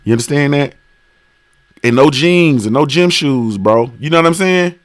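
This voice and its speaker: A man's voice: fairly high pitch, expressive, moderate pace. A man hosting a casual boxing talk livestream, rambling and profane with heavy slang and constant "bro" and "you feel me.". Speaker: livestream sports talk host.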